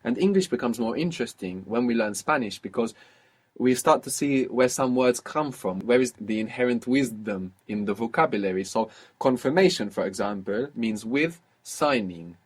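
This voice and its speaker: A man's voice: mid-range voice, animated, moderate pace, breathy edge. A man teaching a language lesson, explaining patiently with frequent fillers.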